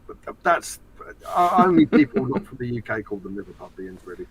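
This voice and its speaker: A man's voice: fairly low pitch, big pitch swings, fairly quick, poor audio. A man, a guest on a podcast, chatting casually and explaining details knowledgeably. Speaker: guest, fan website editor. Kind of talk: casual chat. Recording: faint background noise.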